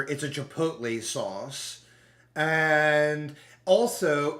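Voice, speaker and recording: A man's voice: fairly high pitch, fairly bright tone. A man streaming and chatting casually with his viewers, rambling and playful, often trailing off mid-sentence. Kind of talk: casual chat to a live stream chat. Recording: echoey room with faint background music.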